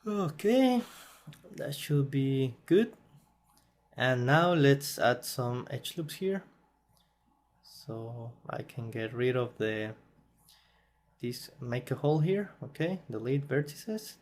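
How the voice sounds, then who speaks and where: A man who is not a native English speaker, hosting a software tutorial and thinking aloud as he works, a bit tired and self-correcting. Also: mid-range voice, animated, takes it slowly, pauses often. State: yawning, tired. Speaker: tutorial host. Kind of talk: screen-recorded software tutorial.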